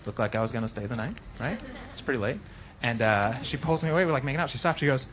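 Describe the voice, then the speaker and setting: A man's voice: medium pitch, quick pace, background noise. A man doing a stand-up set in a wry, conversational way. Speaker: stand-up comedian.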